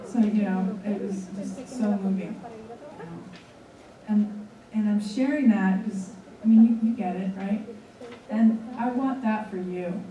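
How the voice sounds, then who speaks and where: A woman in her forties, a seminar leader, telling a candid personal story to a seminar audience and acting out the dialogue. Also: mid-range voice. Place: large room with an audience. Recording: echoey room from far off, audience noise. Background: audience murmur.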